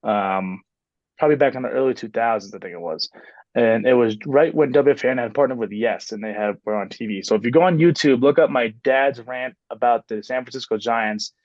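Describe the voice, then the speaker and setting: A man in his twenties, a basketball coach, chats casually as a podcast guest, rambling with lots of fillers and restarts. His medium-pitched voice is a little mellow and a little fast. The recording is dry and dull.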